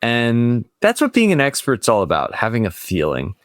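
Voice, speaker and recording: Young male co-host, playful mock expert, lively delivery. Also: medium pitch, moderate pace, no echo, studio quality. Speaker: podcast co-host. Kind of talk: casual debate chat.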